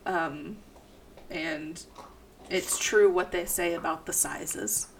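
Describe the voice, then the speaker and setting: A woman's voice: fairly low pitch, fairly even intonation, takes it slowly, slight background noise. A young woman with a stuffy nose co-hosting a casual podcast, swearing freely and laughing as she reads aloud. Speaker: podcast co-host. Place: house.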